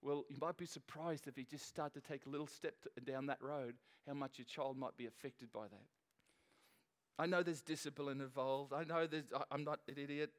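A man's voice: a little high, normal speed. A middle-aged man preaching a sermon at a church service in a loose, joking, conversational way, often restarting his sentences. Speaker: pastor.

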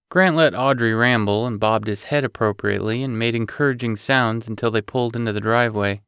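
A man narrating an audiobook in an even, matter-of-fact way. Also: fairly low pitch, fairly quick, clean tone, dry recording, studio quality. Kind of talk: scripted narration.

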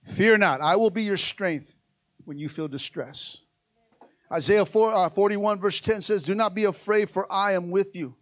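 A male pastor preaching a sermon, calling out to the congregation and swinging between rousing exhortation and soft, hushed passages. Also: high-pitched, normal speed, no room sound, studio quality. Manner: calls out to the church.

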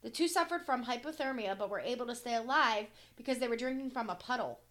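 A woman's voice: fairly high pitch, fast talker, fairly bright tone. A woman co-hosting a casual podcast, reading news stories aloud with small stumbles and casual swearing. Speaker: podcast co-host.

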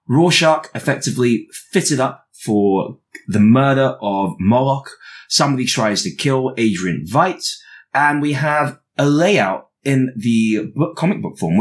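Male podcast co-host, lively pitch, analytical, talky with lots of ums. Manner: animated, analytical, many restarts and fillers. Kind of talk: casual chat.

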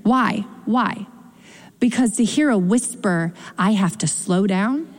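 A young adult woman pastor preaching a sermon, expressive, slowing down for emphasis and speeding up in quick asides. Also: mid-range voice. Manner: expressive, shifts between slow emphatic phrasing and quick asides. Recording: long hall reverb.

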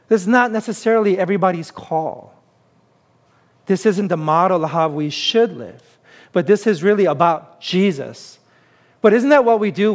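A pastor delivers his sermon in a fairly high male voice. He keeps it conversational, working through the text by putting rhetorical questions to his listeners.

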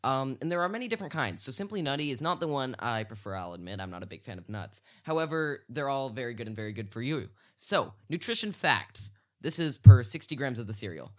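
A man's voice: medium pitch, sing-song, a little fast, hardly any pauses. A man guesting on a casual podcast, playful and getting worked up in mock rants.

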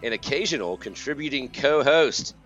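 Animated sarcastic man ranting on a podcast. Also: mid-range voice, moderate pace, lo-fi sound, soft background music. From United States. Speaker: podcast co-host and college counselor. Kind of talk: casual podcast rant.

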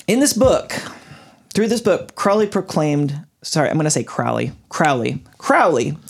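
A man hosts a casual podcast and walks his friends through a long explanation. His pitch swings widely and he keeps an easy, chatty pace. He trips over unfamiliar names now and then. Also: expressive, a little slow, darkish tone. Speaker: podcast host.

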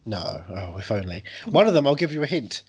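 Male podcast co-host, husky, jokey and sweary. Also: lowish voice, very animated, darkish tone, muffled recording. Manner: jokey, sweary, quick impressions. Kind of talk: casual chat.

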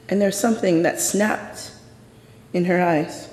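A man performing a dramatic personal story on a theater stage, in a measured, intense way with deliberate pauses. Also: high voice, fairly even intonation, a little mellow, slight background noise. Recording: echoey hall with long reverb.

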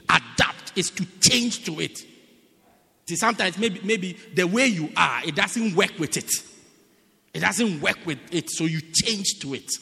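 A man preaching a sermon as pastor, emphatic and repetitive, swinging between loud cries and low murmurs. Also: breathy edge, big-room sound.

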